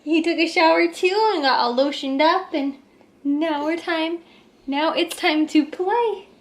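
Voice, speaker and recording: A young woman, a family vlogger, films a casual vlog, chatting with viewers and using sing-song baby talk with her toddler. Her voice is very high, and she speaks at a measured pace.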